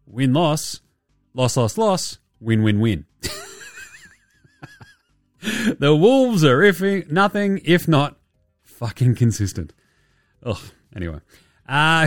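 A young Australian man talks basketball in a loose, joking way, swearing freely and rambling as he goes. His voice sits at a mid pitch and sounds dry and close to the mic, with faint music underneath. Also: no room sound. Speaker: basketball podcast host. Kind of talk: casual sports chat.

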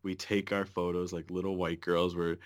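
A man co-hosting a podcast, casually telling a lively travel story and swearing often. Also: low-pitched, moderate pace. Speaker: podcast co-host.

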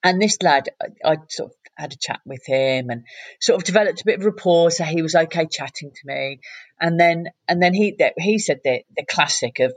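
A woman's voice: fairly low pitch, fast talker, breathy edge, no room sound. A woman, a coach, telling a story in casual conversation and acting out the voices she quotes. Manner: animated, acts out quoted voices, frequent restarts. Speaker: coach and guest.

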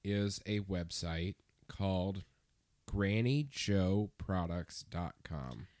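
Slow, deep-voiced laid-back man. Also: darkish tone, no room sound. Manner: laid-back, chuckling, searching for words. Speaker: podcast co-host. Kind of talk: casual chat.

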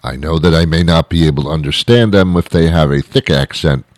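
A man's voice: very deep voice, fairly quick, darkish tone, no room sound. A man delivering an exasperated, comic rant with lots of repetition and restarts. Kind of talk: ranting monologue.

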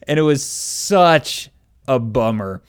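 A man's voice: mid-range voice, lively intonation, slow pace, clear, resonant tone. A young man in casual chat, telling stories full of fillers and self-deprecating asides. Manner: rambling storyteller, filler-heavy, self-deprecating.

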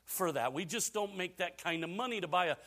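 An indignant old country preacher scolds his wife, as a man puts him on. His voice is fairly high and stern. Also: lively intonation, a little fast, bright, forceful tone, full character voice. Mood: scolding.

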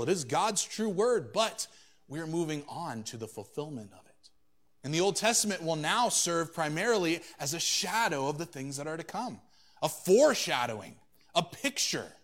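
A man delivers a sermon in a slightly high voice. He builds to loud, emphatic peaks, then drops into quiet, low asides. He acts out the quoted exchanges in a casual, conversational voice. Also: sing-song, moderate pace. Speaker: pastor.

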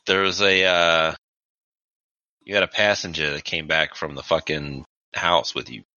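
A man's voice: a bass voice, steady tone, unhurried, sharp tone, no echo, muffled recording. A man playing a tabletop game, talking casually and swearing freely. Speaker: player.

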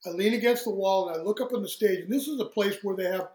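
A man telling lively stories as a guest in a casual interview, acting out what people said and laughing often. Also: high voice, quick pace, reverberant, poor audio. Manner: animated storyteller who acts out quoted voices, laughs often. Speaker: guest, singer.

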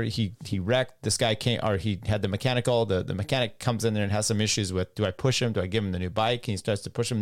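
Rambling, blunt podcast host. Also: male voice, fairly low pitch. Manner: rambling, blunt, reads listener comments aloud. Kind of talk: casual solo commentary.

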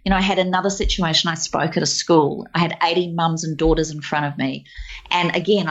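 A woman tells personal stories as a guest, animated and expressive. Her voice sits low for a woman. The recording is slightly dull and lo-fi. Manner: animated, expressive storyteller who slips into voices. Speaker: guest speaker. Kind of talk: casual conversational storytelling.

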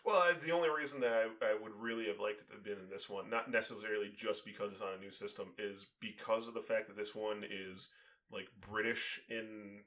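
A man's voice: lowish voice, fairly even intonation, fairly quick, pushed and bright. A man in casual chat, talking in a rambling way and filling his sentences with "like" and "um". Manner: rambling, full of "like" and "um".

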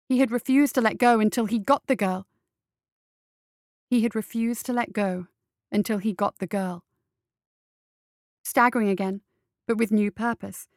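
A woman reading a story aloud in measured, dramatic audiobook narration, close to the mic. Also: medium pitch, clean tone, dry recording.

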